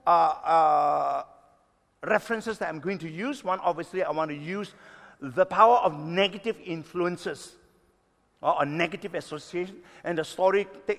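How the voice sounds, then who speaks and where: Man, 60s, pastor, sermon, high pitch, emphatic, loud-soft swings, long hall reverb. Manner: emphatic, stretching key words slowly, swinging between loud and soft.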